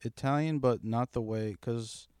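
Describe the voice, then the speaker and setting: A young man chatting casually on a podcast, telling stories with lots of swearing and getting animated. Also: mid-range voice, measured pace, smooth, no room sound, clean studio sound. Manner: profane, animated storyteller. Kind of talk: casual chat.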